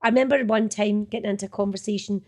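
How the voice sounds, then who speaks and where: A chatty middle-aged Scottish woman in a relaxed interview. She talks fast and loose, with lots of asides and easy laughter, and a mid-range voice. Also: medium pitch. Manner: chatty and animated, swears and laughs easily. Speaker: actress guest. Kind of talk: casual reminiscing chat.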